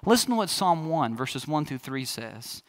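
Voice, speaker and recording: A man's voice: a little high, very animated, moderate pace. A man in his thirties, a pastor preaching a sermon in a chatty, storytelling way that speaks straight to the congregation.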